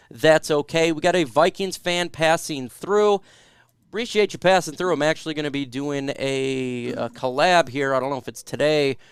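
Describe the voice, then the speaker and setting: A man hosts a casual sports chat, reading out viewer questions and answering them one by one. His voice sits a little high, smooth and crisp. The sound is dry and close, with no room in it. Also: no echo. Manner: reads viewer questions aloud then answers. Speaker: podcast host reading live chat.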